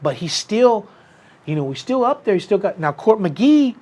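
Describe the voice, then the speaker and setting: A man with a notably high voice hosts a casual combat sports talk show. He rambles from one fight story to the next, leaning on "dude" and stopping to restart his sentences. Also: big pitch swings, moderate pace, warm tone. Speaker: podcast host.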